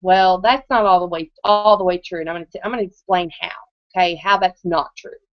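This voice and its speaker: A woman's voice: lowish voice, steady tone, brisk, no echo. Chatty woman, dull dry recording. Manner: conversational, keeps checking in with the audience. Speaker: presenter. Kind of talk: live motivational testimony.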